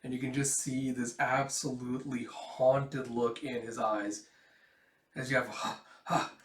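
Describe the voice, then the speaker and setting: A man's voice: mid-range voice, flat delivery, a little slow. A man hosting a manga reaction, reading and reacting to a comic in a rambling way. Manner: rambling, with restarts and "it's like". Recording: echoey room.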